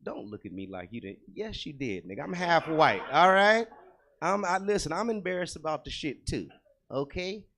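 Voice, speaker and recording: A man doing a crude stand-up comedy set in a comedy club, talking straight to the crowd and swinging between loud bursts and low muttered asides. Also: expressive, moderate pace. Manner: crude, conversational, talks to the crowd.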